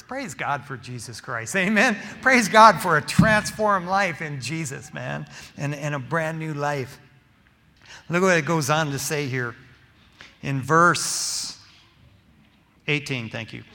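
A man delivers a sermon in a bright, forceful voice with a slightly raised pitch, talking to the congregation like a friend and tossing in "man" and "you know". His words ring out with a long hall reverb, as in a church sanctuary. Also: expressive, slow pace. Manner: acts out quoted lines in a street voice. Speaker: pastor.

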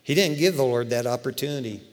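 A man preaching a sermon in a conversational, animated way, asking his listeners question after question. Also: medium pitch, fast talker. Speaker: pastor. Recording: long hall reverb.

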